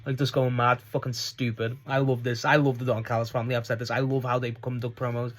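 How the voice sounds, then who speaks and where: A man's voice: mid-range voice, flat delivery, quick pace. A man giving a casual, rambling solo review of a wrestling show, swearing and laughing as he goes.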